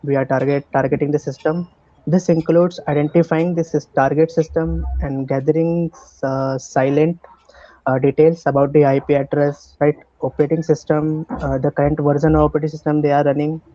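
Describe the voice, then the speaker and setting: A man with an Indian English accent lectures an online cybersecurity class, his voice a little high and mellow. He talks in halting bursts, full of fillers and restarts, and the call audio sounds muffled. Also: flat delivery. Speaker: cybersecurity instructor.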